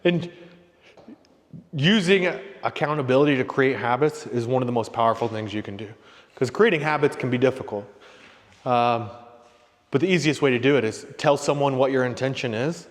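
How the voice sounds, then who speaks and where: A man's voice: mid-range voice, moderate pace. Middle-aged guy hosting a group chat, kinda rambly, keeps asking "right?", long echo like a big hall. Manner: rambling, coaching tone with frequent "right?" and "okay?". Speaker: host of a leadership discussion group. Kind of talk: casual motivational talk.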